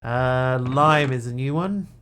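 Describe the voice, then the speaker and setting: Counting items quietly and reasoning aloud, a man keeps up relaxed chatter with viewers as he streams a game. His mid-range voice is slow and fairly bright, with a little hiss or hum in the recording.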